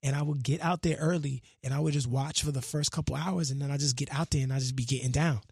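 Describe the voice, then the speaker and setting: A man's voice: mid-range voice, steady tone, fast, gravelly, a little mellow, slightly rough, no echo. A man, a guest musician in a radio studio, talking in an earnest, reflective and slangy way and half-reciting lyrics. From Brooklyn, New York. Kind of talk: casual interview chat.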